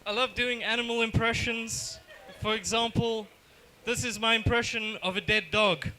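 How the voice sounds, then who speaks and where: A man from Johannesburg with a South African accent doing a deadpan, self-deprecating stand-up set in a bar. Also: very high-pitched, moderate pace, a little hiss or hum, low-quality recording. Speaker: stand-up comedian. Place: comedy bar stage.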